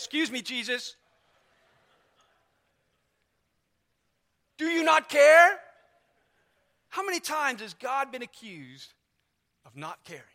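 Male pastor, chatty sermon delivery, high voice with a bright edge, church setting. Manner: conversational, storytelling, lots of asides.

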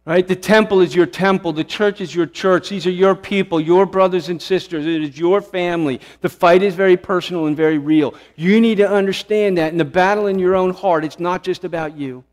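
Impassioned high-voiced male pastor preaching. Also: steady tone, fairly quick, few pauses, long reverb tail. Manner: impassioned, swelling to emphatic peaks then dropping hushed. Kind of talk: sermon. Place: church sanctuary.

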